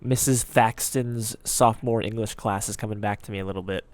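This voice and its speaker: A man's voice: fairly low pitch, fairly even intonation, fairly quick, no echo. Rambling man reacting casually. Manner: rambling, musing aloud with frequent ums. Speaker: reaction video host.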